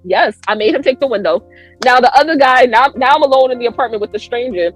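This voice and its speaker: A woman's voice: fast, soft background music, poor audio. A woman guest on a podcast telling a story in casual chat, acting out quoted lines with big jumps in her voice. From United States. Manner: animated, acts out quotes with big pitch jumps.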